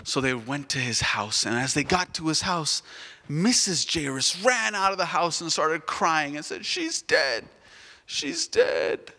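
In an echoey church hall, a man leads a children's sermon, telling a Bible story and asking the kids questions along the way. His voice sits a little high, moves at normal speed, and sounds animated.

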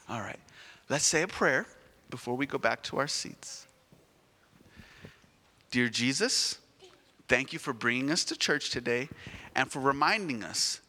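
A man's voice: a little high, slightly rough. A man telling a Bible story to children at church, asking them questions as he goes. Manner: animated, asks the children questions. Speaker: children's sermon leader. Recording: echoey church hall.

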